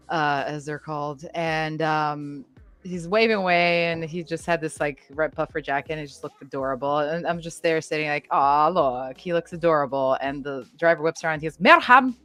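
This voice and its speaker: A woman's voice: low-pitched, normal speed, faint music behind. A woman telling a casual anecdote as a guest on a fan stream, acting out the quoted voices as she goes. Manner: lively storyteller who acts out quoted voices.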